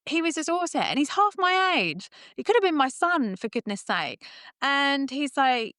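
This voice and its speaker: A woman in her thirties, a roofer and business owner, chatting as a guest in a podcast interview and telling lively stories with frequent laughs. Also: high voice, moderate pace, no room sound, clean studio sound. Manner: lively storyteller, laughs often. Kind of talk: casual interview chat. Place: podcast recording.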